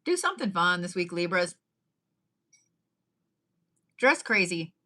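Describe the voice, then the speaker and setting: A woman's voice: on the low side, sing-song, slow pace, bright, forceful tone. A woman giving a casual tarot reading, chatty and profane, with laughing asides. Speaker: tarot reader.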